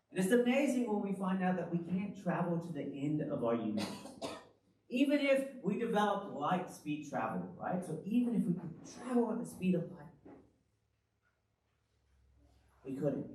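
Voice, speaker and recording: A male pastor preaching in a lively, conversational way, tossing rhetorical questions to the room. His voice sits a little high for a man. It carries through a very echoey church hall, picked up from some distance. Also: normal speed, slight background noise. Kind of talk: sermon. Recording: very echoey hall, from the far mic.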